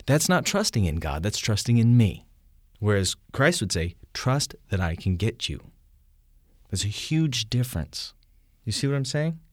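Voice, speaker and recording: A man's voice: on the low side, a little slow, no room sound, studio quality. A man leading a conversational theology discussion, explaining through vivid examples and often asking whether the others see his point. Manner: animated explainer, shouts quoted lines in vivid examples, asks "you see?".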